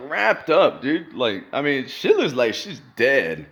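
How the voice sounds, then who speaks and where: A man's voice: medium pitch, huge pitch swings, slow pace, a bit bright, muffled recording. A man giving reaction commentary on video footage, incredulous and repeating rhetorical questions with lots of fillers.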